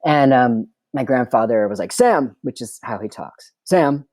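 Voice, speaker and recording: Wry, chatty middle-aged man, dark voice. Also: medium pitch, moderate pace, no echo, studio quality. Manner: wry, chatty, heavy on filler words. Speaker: guest filmmaker. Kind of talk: candid personal storytelling.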